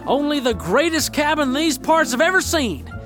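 A man's voice: very high voice, very animated, normal speed, fairly bright tone, soft background music, exaggerated voice. A man playing a folksy mountain guide. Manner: folksy drawl, says "reckon".

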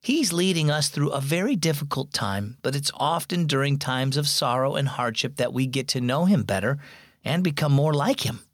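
A man voicing a gentle widowed mother who calmly reassures her children, in a storybook reading. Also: very deep voice, normal speed, no echo, studio quality. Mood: reassuring. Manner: calm, reassuring.

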